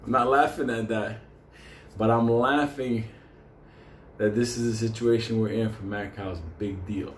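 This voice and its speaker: A man spins a rambling, profanity-laced story, laughing as he goes. His voice sits on the low side, and the echoey room around him carries a faint hum of ambience. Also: fairly even intonation, measured pace. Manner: digressive, swears constantly, laughs through his story. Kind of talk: casual profane anecdote.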